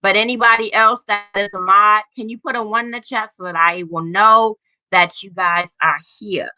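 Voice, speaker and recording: On her own livestream, a fortysomething woman talks casually, swearing bluntly in a relaxed drawl. Her voice sits mid-range with fairly even intonation, a moderate pace and a sharp tone. The lo-fi stream audio is dry and slightly dull, with no room sound.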